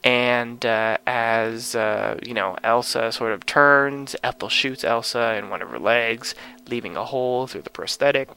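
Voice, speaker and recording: A man with a bright, forceful voice talks through a show recap in a loose, casual way. He rambles and circles back, full of "you know" and "like," restarting his sentences as he goes. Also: medium pitch, unhurried, creaky, rough recording. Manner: rambling, many fillers and restarts. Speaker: podcast host.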